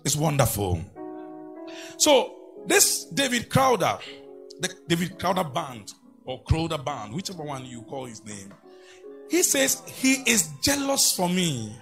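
A man's voice: fairly high pitch, huge pitch swings, a little slow, vocal fry, long pauses, a bit bright, faint music behind. A man preaching a sermon, breaking into sung phrases and leading the congregation in call-and-response. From Ghana. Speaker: pastor.

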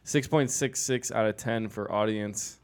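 A man's voice: lowish voice, fairly even intonation, unhurried. A man co-hosting a podcast in casual chat, reading out film details and stumbling over names.

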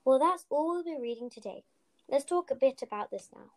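A woman co-hosting a podcast, reading a children's novel aloud with steady storytelling and a few slips. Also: sits high, fairly quick, rough recording. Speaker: podcast co-host, reader.

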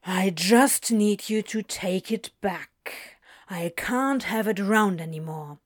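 A woman's voice: mid-range voice, slow pace. A woman voicing a harried, snappish man in a story reading, terse and clipped. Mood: curt. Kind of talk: audiobook character voice.

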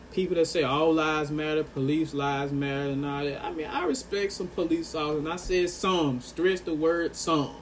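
A man's voice: fairly high pitch, a little hiss or hum. A man delivering an earnest, impassioned monologue to his viewers, pressing his points and repeating phrases for emphasis. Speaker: vlogger.

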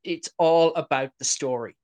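Excitable man, slightly high voice. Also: moderate pace. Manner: excitable rambling storyteller, many "like"s. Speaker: podcast host. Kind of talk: casual interview chat.

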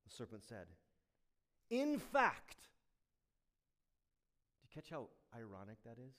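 A male pastor preaching a sermon, emphatic, swinging between loud stressed lines and hushed asides. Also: lowish voice, fast talker.

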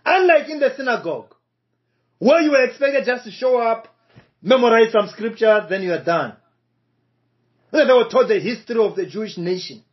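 This sermon comes from a man with a high, animated voice who preaches deliberately, hammering on repeated key phrases at a slow pace. It's captured in a muffled, dull lo-fi recording.

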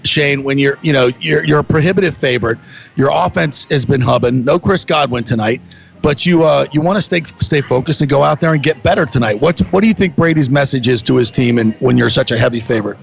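A man hosting a sports talk show, telling a lively story and acting out the voices of the people in it. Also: medium pitch, fast, vocal fry. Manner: animated storyteller, acts out quotes. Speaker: sports radio host.

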